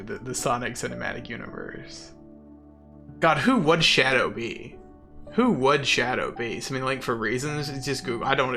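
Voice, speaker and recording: A man's voice: mid-range voice, gravelly, bright, forceful tone. A man streaming a game, chatting casually and sarcastically with his chat. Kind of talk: casual chat while gaming.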